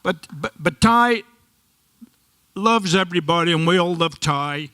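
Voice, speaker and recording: A man's voice: high-pitched, measured pace, bright, forceful tone, smooth, no room sound. A man speaking at a tribute night, telling anecdotes about former players and repeating words as he goes. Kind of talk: speech at a tribute event.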